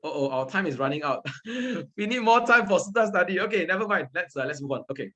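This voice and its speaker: Male Dharma teacher, conversational, checks in with class. Lively, slightly high. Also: fast talker. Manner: conversational, checks in with listeners often. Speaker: Buddhist teacher.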